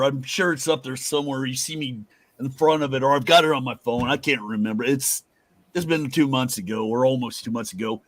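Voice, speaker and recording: A man's voice: mid-range voice, fairly bright tone, dry recording. Rambling, profane man, dry sound. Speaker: host. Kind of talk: casual chat.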